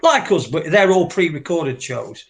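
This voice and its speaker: A man's voice: on the high side, sing-song, measured pace, gravelly. Rambling, swearing man. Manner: rambling, swears a lot, many fillers and restarts. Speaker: co-host. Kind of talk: casual live-stream chat.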